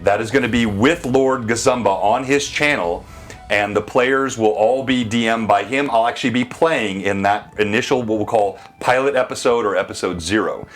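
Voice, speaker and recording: A man's voice: lowish voice, normal speed. A man hosting a live tabletop game stream as game master, making announcements and narrating scenes dramatically. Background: faint music.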